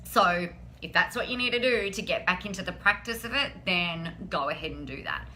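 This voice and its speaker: A woman's voice: lowish voice, moderate pace, pushed and bright, slight background noise. A woman hosting a live stream, chatting in an upbeat, encouraging way and often saying "like". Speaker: host of a weekly live business show. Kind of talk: casual live-stream chat.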